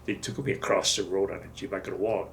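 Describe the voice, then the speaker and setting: Older man in his seventies, gravelly-voiced veteran, blunt and salty storyteller in an interview. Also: sits low, fairly even intonation, fast talker, slight background noise. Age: 70s. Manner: salty, blunt retelling with profanity. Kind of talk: oral history storytelling.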